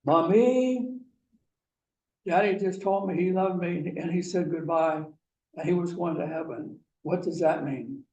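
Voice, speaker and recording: A man's voice: high voice, a little slow, mellow, echoey room, far from the mic, low-quality recording. A man doing a scared little boy crying for his mommy. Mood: pleading. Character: frightened four-year-old boy calling his mom.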